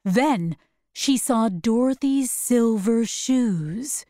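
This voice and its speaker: A woman narrating a storybook in slow, clear, careful reading. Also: on the high side, lively intonation, warm tone, no echo, studio quality.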